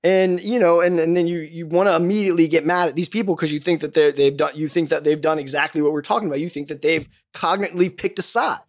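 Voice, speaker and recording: A man's voice: a little high, steady tone, quick pace, few pauses. A man as a podcast guest, ranting in a heated, profane way with many restarts. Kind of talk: casual podcast conversation.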